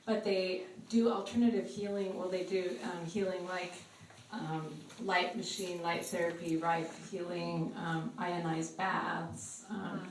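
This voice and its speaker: Halting woman sharing a testimony. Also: fairly low pitch, flat delivery, slight background noise. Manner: halting, with frequent ums. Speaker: church ministry volunteer sharing testimony. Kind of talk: live testimony to a group. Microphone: phone recording from across the room. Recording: echoey room, distant phone mic.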